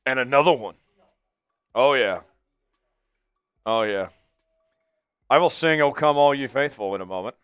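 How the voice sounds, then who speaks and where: A man hosting a live fan stream of a football game, chatting with viewers and calling plays with excited hype. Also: medium pitch, unhurried, long pauses, clean tone, dry recording, lo-fi sound, faint music behind. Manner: excitable, hypes up chat viewers. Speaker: fan livestream host. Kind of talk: live game watch-along chat.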